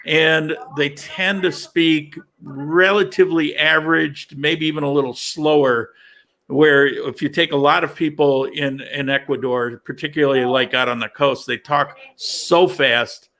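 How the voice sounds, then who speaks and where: A man from upstate New York hosting a casual livestream chat, talking in a halting way with many restarts and fillers. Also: on the high side, pushed and bright. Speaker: livestream host.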